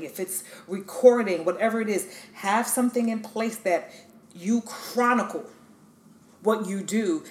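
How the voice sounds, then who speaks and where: A woman's voice: lowish voice, slight background noise. A woman hosting a podcast, speaking emphatically and encouragingly straight to the listener. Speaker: podcast host. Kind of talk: motivational talk. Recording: echoey room.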